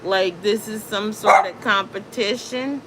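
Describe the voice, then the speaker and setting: Slow-talking woman chatting on a livestream. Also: heavy background noise. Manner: chatty, incredulous, talks to her dogs in a high baby voice. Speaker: livestream host. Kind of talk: casual livestream chat. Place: home with dogs nearby.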